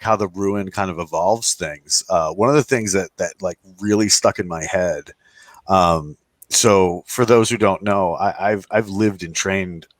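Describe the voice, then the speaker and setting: A man's voice: deep voice, dry recording. A man co-hosting a casual roundtable chat, telling rambling stories and acting out the people in them. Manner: rambling storyteller, acts out quoted voices. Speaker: podcast co-host.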